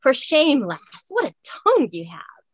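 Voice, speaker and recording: A woman voicing a wary Highlander man from the past, speaking with a husky Scottish burr in old-fashioned speech. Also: wildly swooping pitch, measured pace, no room sound, heavily acted. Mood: gruff.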